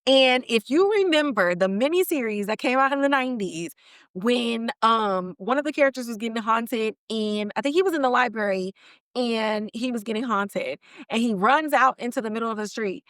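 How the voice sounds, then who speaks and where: Woman podcast host, casual recap chat, slangy animated storytelling, fairly high voice, dry close sound. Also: normal speed, clear, resonant tone, no echo.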